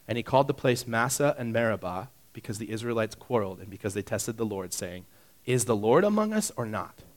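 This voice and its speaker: A pastor giving a conversational sermon, shifting between hushed asides and loud emphatic passages. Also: male voice. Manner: swings from hushed, intimate asides to loud, high-pitched emphasis; conversational, with fillers and direct questions to listeners.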